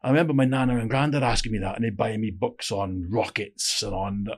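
A man's voice: lowish voice, fairly even intonation, fairly quick. A man in his fifties from South Wales with a Welsh accent, a podcast guest telling long, chatty anecdotes with casual filler tags. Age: 50s. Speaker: guest, former intelligence officer. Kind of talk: conversational storytelling.

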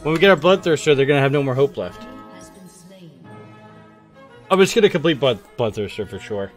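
A young man giving playful, excitable live commentary on his own video game match, trash-talking and hyping himself up. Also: mid-range voice, brisk, faint music behind. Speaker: gaming streamer.

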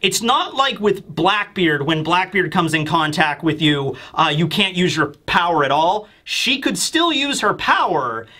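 A man giving casual, excitable commentary as a reviewer who often acts out character lines, recorded close on a desk mic. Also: sits high. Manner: excitable, acting out character lines in quick bursts. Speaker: YouTube chapter reviewer.

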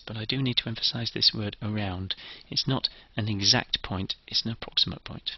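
A man's voice: on the low side, a little fast, gravelly, hardly any pauses, breathy edge, dry recording, highs cut off. A man giving a methodical, step-by-step engineering lecture.

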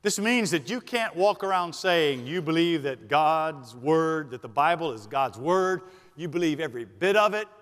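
A Southern-accented male pastor preaches a sermon in a high voice, pressing on key words and slowing them down for weight. He hurries through his asides. His voice rings out with the long reverb of a church sanctuary. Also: lively intonation, a bit bright. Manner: emphatic, slows for stress, then rushes asides. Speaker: senior pastor.

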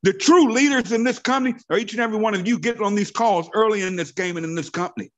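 A man's voice: sits high, quick pace, a bit bright. A man in his fifties leads a motivational training call as a network marketing team leader. He talks in a fervent, preachy way and drives points home by repeating his phrases.

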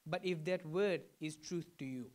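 A man's voice: on the high side, normal speed, a little mellow. A man from Fiji preaching a sermon to a congregation, teaching in a conversational way and often checking in with questions. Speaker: pastor.

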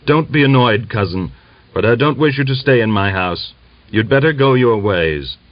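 A man voicing a stern old Cossack patriarch who speaks firmly and resolutely, his voice raised above the reader's own. His outbursts come loud and pitched high, on a dull, dry, lo-fi recording. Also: lively intonation, a little slow, no room sound. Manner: firm, resolute, angry outbursts.

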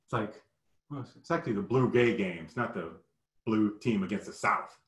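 Man, 50s, animated storyteller, acts out characters, echoey room. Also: lowish voice, normal speed. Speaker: guest storyteller. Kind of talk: personal storytelling. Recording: roomy echo.

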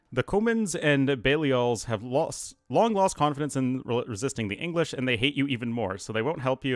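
A man's voice: mid-range voice, no echo, clean studio sound. A man playing a strategy game and reading its mission briefing aloud, stumbling over words with frequent fillers. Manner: reads briefing text with frequent fillers and restarts. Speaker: game streamer.

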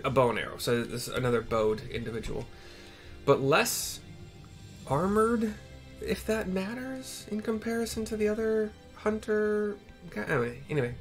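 A man giving casual, rambling commentary while playing a game, often correcting himself mid-sentence, with faint game music behind him. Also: medium pitch. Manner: rambling, self-correcting, chatty asides. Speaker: game streamer.

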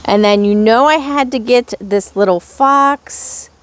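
A young woman in a casual haul vlog, showing off little charms and gushing over each one with drawn-out exclamations. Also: a little high. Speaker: crafts vlogger.

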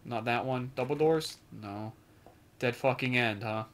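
A man playing a horror video game with a friend, reacting loudly, swearing and joking around. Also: mid-range voice, a little slow. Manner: excitable, swears, jokey put-on accent at times. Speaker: let's play gamer. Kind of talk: casual gameplay commentary.

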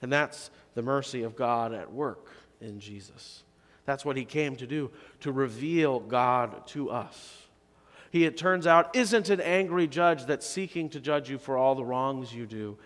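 A male pastor preaching a sermon in a conversational way, rising to emphatic questions and dropping to soft, low phrases. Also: lively intonation, measured pace. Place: church sanctuary. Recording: long reverb of a church sanctuary.

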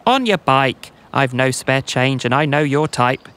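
A man's voice: medium pitch, animated, measured pace, a bit bright. A man voicing a grumpy, prickly female cactus in a rhymed bedtime story, snappy and scornful.

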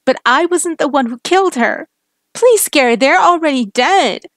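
A woman voicing a frightened young female captive who pleads, in a higher voice than her own, recorded dry. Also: lively intonation, drawn-out words, warm tone, dry recording, exaggerated voice. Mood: pleading.

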